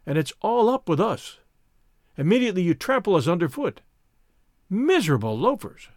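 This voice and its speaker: A man's voice: high voice, big pitch swings, normal speed, no echo, studio quality. A man reading the part of a battered young servant woman, bitter yet tender, in a whining, lamenting tone. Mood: scornful cursing. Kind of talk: audiobook character reading.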